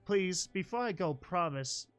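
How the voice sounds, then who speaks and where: A man's voice: high voice, animated, measured pace, clean tone, soft background music, voice pushed up. A man doing a metallic, worried little robot. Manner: urgent, cautioning. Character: floating robot sprite bot, worried, protective.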